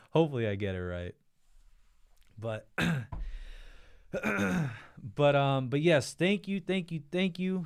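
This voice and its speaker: A man's voice: mid-range voice, clear, resonant tone, no echo. Livestream host, male, mid-range voice, grateful and upbeat while reading out chat, dry recording. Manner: reads viewer comments aloud, thanks them effusively, laughs often.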